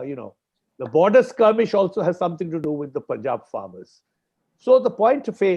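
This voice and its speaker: A man's voice: sits high, a little mellow, slightly rough, highs cut off. A man with an Indian English accent, arguing emphatically as a farmers' spokesperson on a panel discussion, repeating key points for stress.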